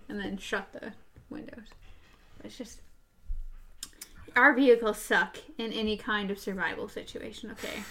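A woman's voice: mid-range voice, steady tone, moderate pace, bright, forceful tone. A woman in casual conversation, chatty and rambling, often laughing. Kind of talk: casual chat.

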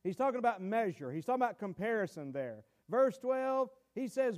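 A man preaching a sermon, in a folksy, halting way, repeating words and reading scripture slowly. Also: high voice, sing-song, a little mellow. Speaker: pastor.

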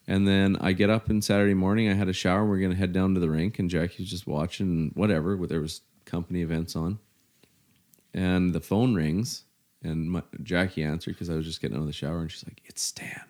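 A middle-aged man from Canada, telling his story in casual, halting conversation, full of "you know" fillers. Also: sits low, steady tone, a little mellow.

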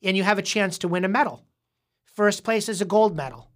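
A woman's voice: medium pitch, expressive, a little fast. A woman hosting a casual podcast, patiently explaining and quizzing a young guest, often restarting her words. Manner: frequent repeated restarts. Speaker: podcast host interviewing a young child.

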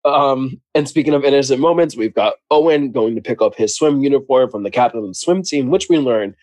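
A man's voice: medium pitch, fairly quick, no room sound. Dry-voiced man recapping a book. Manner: animated storyteller, laughs often. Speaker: podcast co-host. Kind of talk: casual book recap chat.

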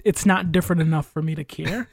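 A man's voice: on the high side, steady tone, fast, gravelly, noisy background. A man chatting casually on a podcast, opinionated and rambling, with frequent swearing. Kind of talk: casual chat.

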